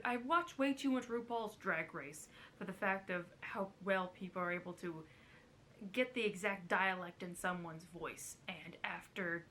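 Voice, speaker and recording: A woman's voice: medium pitch, fairly bright tone, a little hiss or hum. A young woman author chatting casually and a little nervously to camera in a vlog, with frequent giggles. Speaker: author and vlogger.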